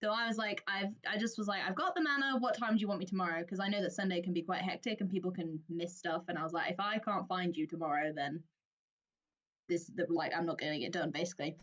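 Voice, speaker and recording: A woman from England co-hosting a podcast, telling an animated story with plenty of laughter and quoted voices. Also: lowish voice, fast talker. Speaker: podcast co-host. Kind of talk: casual chat, storytelling.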